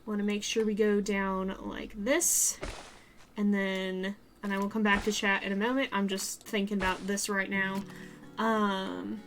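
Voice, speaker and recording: A woman streams a zoo-building game and talks in a Southern US accent, rambling on to her chat with frequent laughs and restarts. Her voice sits at an everyday middle pitch. Soft music plays faintly behind her. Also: little pitch movement, unhurried.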